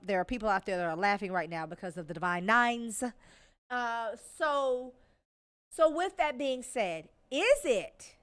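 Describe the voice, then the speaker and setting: A woman hosting a talk show, delivering a casual commentary monologue and telling stories with asides to her listeners. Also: medium pitch. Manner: conversational, animated storytelling with asides to listeners. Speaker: podcast host.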